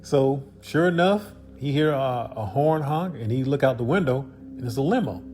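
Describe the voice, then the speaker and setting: A man's voice: mid-range voice, expressive, moderate pace, background noise. Man telling a casual parable. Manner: loose, conversational, many fillers and asides. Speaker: storyteller.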